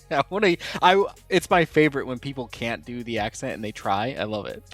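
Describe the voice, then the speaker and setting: A man's voice: mid-range voice, big pitch swings, moderate pace, fairly bright tone, dry recording. Rambling male podcast host. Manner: rambling, self-correcting, laughs often. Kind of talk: casual chat.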